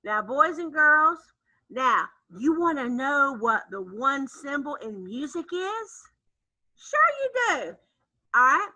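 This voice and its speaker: A woman music teacher leading an online lesson for young children, chanting syllables in an animated, sing-song voice. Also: high-pitched, slow, rough recording. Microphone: computer mic on a video call.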